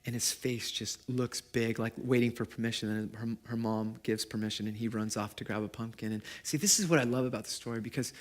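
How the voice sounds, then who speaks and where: A man, a pastor preaching a sermon and telling stories, swinging from loud emphasis to quiet, intimate moments. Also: medium pitch, steady tone, fairly quick, few pauses. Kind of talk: sermon with storytelling. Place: church service.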